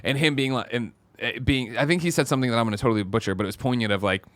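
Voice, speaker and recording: A man hosting a casual podcast chat, rambling and animated as he tells stories. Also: medium pitch, racing, no room sound. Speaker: podcast host.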